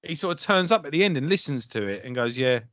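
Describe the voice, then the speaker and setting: A man's voice: fairly high pitch, sing-song, fast, a bit bright, no room sound. A man co-hosting a casual podcast chat, telling stories animatedly and swearing freely. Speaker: podcast co-host.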